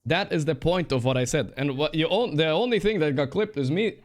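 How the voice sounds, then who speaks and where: A man's voice: fairly high pitch, fairly quick. A male streamer giving a casual rant to his chat, defensive and profane, explaining himself with lots of fillers and repeated "you know".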